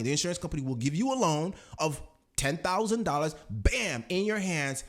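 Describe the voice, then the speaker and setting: A young man giving a lively finance tutorial, punching key words and checking in with "okay?" and "right?". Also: on the high side, normal speed. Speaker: personal finance YouTuber. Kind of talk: energetic explainer tutorial.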